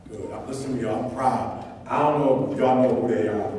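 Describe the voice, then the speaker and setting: Male motivational speaker, preachy and repetitive, loud peaks, echoey hall picked up from a distance. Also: mid-range voice, steady tone, brisk. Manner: preaching, repetitive, rises to near-shouting emphasis. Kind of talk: live motivational talk to students. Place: large hall with a live audience.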